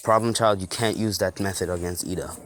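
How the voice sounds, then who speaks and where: A man voicing a stern, tired male teacher who speaks in a curt, gruff way. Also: low-pitched, steady tone, fairly quick, a bit bright, a little hiss or hum.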